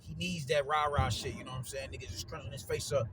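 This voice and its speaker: A man giving casual solo commentary on boxing, slangy and animated, repeating himself and leaning on fillers. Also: medium pitch, fast, background noise.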